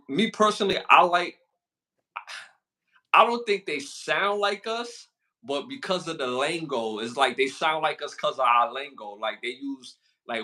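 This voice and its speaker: Male podcast co-host, bright edge on the voice, relaxed slang-heavy banter. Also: mid-range voice. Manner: slangy, laid-back banter with frequent fillers. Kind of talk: casual chat.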